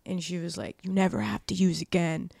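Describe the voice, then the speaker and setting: A woman's voice: on the low side, fairly even intonation, a little fast, creaky, a little mellow, no echo. A woman in her twenties, a podcast guest, telling stories in casual talk, swearing often, leaning on "like" and acting out quoted dialogue. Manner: profane, heavy use of "like". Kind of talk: casual storytelling.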